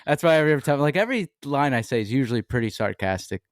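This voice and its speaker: A man, a musician guest on a casual podcast, speaking in a self-deprecating way with frequent laughs and halting restarts. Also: medium pitch, animated, dry recording, clean studio sound. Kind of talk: casual interview chat.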